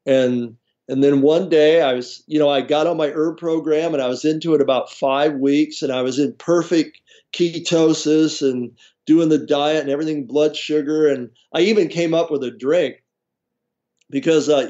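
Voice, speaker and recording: A man's voice: fairly high pitch, normal speed. Laughing male storyteller, dull audio. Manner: animated storyteller, laughs often, acts out quoted voices. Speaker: guest herbalist. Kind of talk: storytelling interview.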